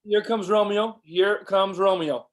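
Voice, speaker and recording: A man's voice: high voice, steady tone, measured pace. A man reading the part of an earnest young friend, in a plain, earnest way, during a cold read over a video call. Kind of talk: cold read of a stage play.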